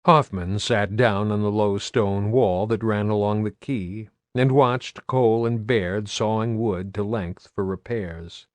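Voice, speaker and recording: A man with a fairly low voice narrates an audiobook in an even, steady reading. The recording is dry and close, with no room sound. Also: unhurried, hardly any pauses, no room sound. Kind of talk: scripted narration.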